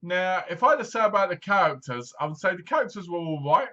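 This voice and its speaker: A man's voice: high voice, animated, quick pace, bright, forceful tone, dull audio. A man giving a casual, rambling movie review, full of fillers. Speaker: film reviewer.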